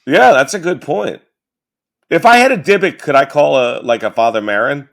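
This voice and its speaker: A man co-hosting a podcast in casual comedic chat, crude and excitable. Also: on the high side, normal speed, creaky. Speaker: podcast co-host.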